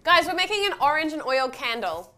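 A woman's voice: sits high, sing-song, fairly quick, very noisy. A woman co-hosting a cooking show, chatting casually, reading out instructions and laughing often. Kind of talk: casual chat while cooking.

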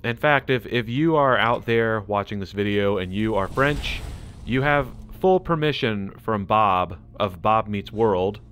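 Excitable American guy narrating gameplay. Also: fairly low pitch, measured pace, slight background noise. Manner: excitable, chatty, laughs a lot. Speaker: gaming channel host. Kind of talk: casual gameplay commentary.

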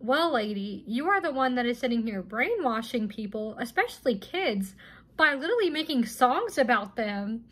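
Woman, high voice, indignant, exasperated, casual commentary. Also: big pitch swings, moderate pace, fairly bright tone, husky. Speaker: reaction video host.

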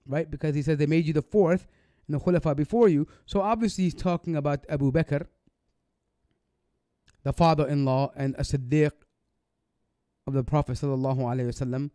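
A man's voice: on the high side, dark tone, no echo, studio quality. A man giving sarcastic, indignant commentary on a clip for an online video.

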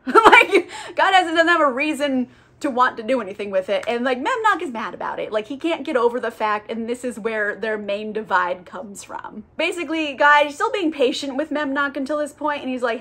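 High-voiced woman chatting through a book recap. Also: animated, normal speed, a bit bright. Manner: chatty and irreverent, heavy use of "like". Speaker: book reviewer.

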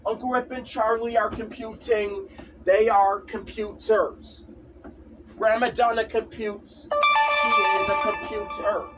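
A man's voice: sits high, little pitch movement, takes it slowly, far from the mic, over loud music. A man in a casual vlog, ranting insistently and repeating himself over and over. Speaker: vlogger. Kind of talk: casual rant to camera.

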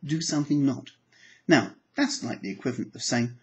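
Animated man teaching psychology. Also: normal speed, muffled recording. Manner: animated, acts out examples with sudden pitch jumps. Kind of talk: lecture to camera.

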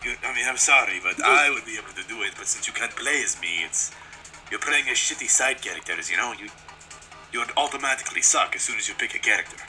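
Teasing young man with a lively voice. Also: mid-range voice, quick pace, faint music behind. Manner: teasing and mock-arrogant. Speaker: co-host of a game video. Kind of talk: casual banter.

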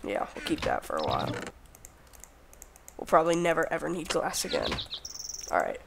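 A man's voice: on the high side, wildly swooping pitch, moderate pace, vocal fry, noisy background. A young man hosting a casual game let's play, talking to himself as he crafts and counting under his breath. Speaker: gaming channel host.

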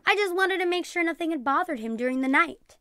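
A woman reading aloud and voicing an eager, excited young girl in a storybook. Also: extremely high pitch, fast talker, no room sound, clean studio sound, pitched above the performer's own voice.

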